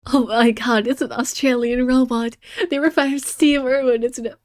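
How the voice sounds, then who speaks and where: A woman streamer giving casual, excitable gameplay commentary, swearing and laughing often. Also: a little high, normal speed, few pauses.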